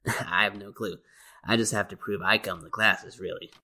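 A man's voice: lowish voice, fairly even intonation, normal speed, bright, forceful tone, breathy edge. A man in his thirties playing a support group member in a comedy sketch, giggling at his own jokes. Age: 30s.

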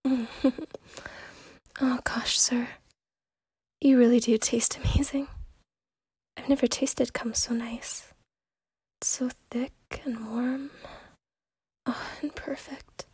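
A woman voicing an eager, devoted young secretary in a whispered role-play, with a breathy, pleading, intimate delivery. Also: on the high side, little pitch movement, takes it slowly, long pauses, darkish tone, full character voice. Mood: breathless pleading.

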